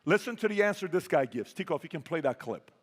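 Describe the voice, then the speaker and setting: A man's voice: a little high, lively intonation, fast talker. A man giving a motivational talk over video clips, emphatic and repeating questions to his audience. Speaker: motivational speaker. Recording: long hall reverb.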